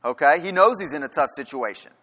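A man's voice: on the high side, animated, fast, pushed and bright, husky. A man preaching a sermon in a church, firing rhetorical questions and hammering his points home through repetition. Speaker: pastor. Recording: long reverb of a large hall.

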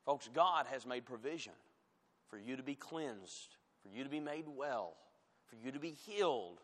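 A man preaching a sermon as pastor, rising loud on scripture and dropping to quiet, pointed asides. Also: mid-range voice, animated, normal speed. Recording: long hall reverb.

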